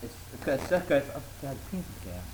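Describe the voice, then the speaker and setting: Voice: mid-range voice, big pitch swings, brisk. Giggly, swearing co-host in an echoey room. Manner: giggly, swears a lot, teasing. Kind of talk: casual chat. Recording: echoey room with faint noise.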